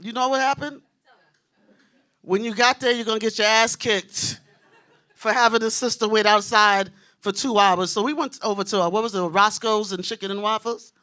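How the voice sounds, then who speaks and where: Brief: New woman stand-up, brash and animated, bright and sharp in tone, works the room directly. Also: medium pitch, normal speed. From Queens, New York. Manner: brash, animated, talks straight to the crowd. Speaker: stand-up comic. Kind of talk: stand-up comedy set. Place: comedy club stage.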